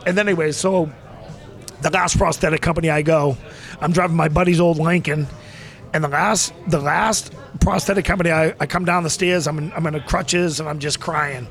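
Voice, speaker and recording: A man's voice: a little high, a little fast, creaky. A man in his forties from Massachusetts, an interview guest telling rambling stories and acting out the people in them. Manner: rambling, animated, acts out voices in anecdotes. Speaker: interview guest, former pro wrestler. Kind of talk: casual storytelling.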